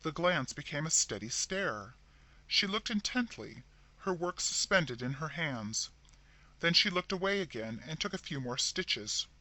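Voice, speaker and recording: A man narrating a scripted horror story in a dramatic, expressive reading. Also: fairly high pitch, a little slow.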